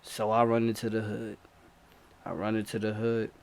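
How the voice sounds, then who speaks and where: A man's voice: fairly low pitch, completely flat delivery, normal speed, creaky, a little mellow. A man animatedly retelling a personal chase story in a slangy, repetitive, breathless way. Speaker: storyteller vlogger.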